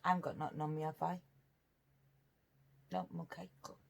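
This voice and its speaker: A woman's voice: low-pitched, flat delivery, brisk, vocal fry, darkish tone. A woman from Britain, chatting in a rambling, earnest way while eating on camera for her vlog. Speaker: mukbang vlogger. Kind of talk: casual eating chat.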